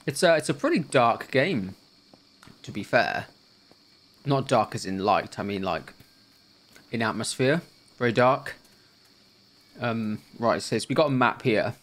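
A man's voice: medium pitch, lively intonation, a little slow, pauses often, a bit bright. A man hosting a gaming channel, chatting through a let's play in an easygoing way and thinking aloud as he goes.

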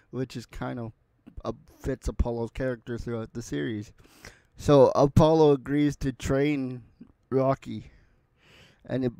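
A man's voice: mid-range voice, mellow, clear, resonant tone, no room sound. A man casually reviewing a movie, retelling scenes and quoting the characters in his own voice.

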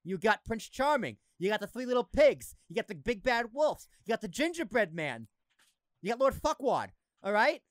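A man in casual podcast chat, excitable and profane, often laughing as he talks. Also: high-pitched, normal speed, dry recording. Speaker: podcast co-host.

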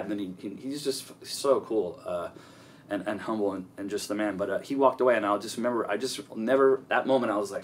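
Fast-talking man, lowish voice, profane rambling stories, faint background noise. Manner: profane, rambling, halting with many restarts. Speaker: guest. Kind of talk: casual storytelling interview.

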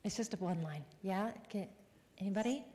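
A woman author casting audience volunteers for a live reading, friendly and quick to laugh. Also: mid-range voice, mellow. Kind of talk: casual talk to a live audience. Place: public library event room. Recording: long hall reverb.

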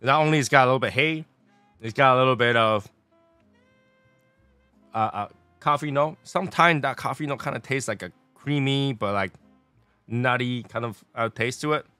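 Bright-voiced man reviewing cigars. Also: medium pitch, moderate pace, long pauses, clean tone, no echo, faint music behind. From Taiwan. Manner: chatty, rambling, playful tangents. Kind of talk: casual review vlog.

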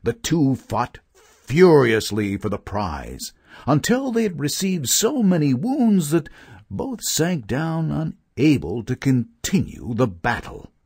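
A man reads fables aloud for children, slowly and with a very animated, swooping delivery. His voice is a bit husky and close, with a dry sound. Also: medium pitch, no room sound. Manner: slow, expressive reading. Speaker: narrator. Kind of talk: storybook narration of fables.

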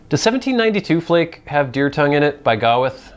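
A man's voice: on the high side, sing-song, fast talker, hardly any pauses. A man hosting a casual solo show, answering viewer questions in a rambling, self-deprecating, conversational way. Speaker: host.

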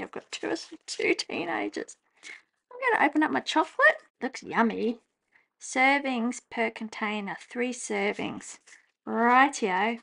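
A woman, chatting casually at her desk as she journals, laughing often and breaking into excited exclamations. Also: on the high side, gravelly. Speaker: journaling vlogger. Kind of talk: casual chat while journaling. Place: home desk.

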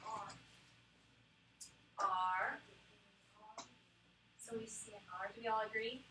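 A woman's voice: a little high, slow pace, bright, forceful tone, slight background noise. A woman teaching a phonics lesson to a small group of children, coaxing call-and-response answers in an upbeat way. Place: classroom. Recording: echoey classroom from far off.

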